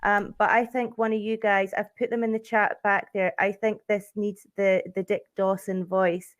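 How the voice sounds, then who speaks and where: A woman's voice: mid-range voice, level tone, moderate pace, highs cut off. Easygoing woman reading the chat. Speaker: livestream co-host reading the chat. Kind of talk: casual livestream chat.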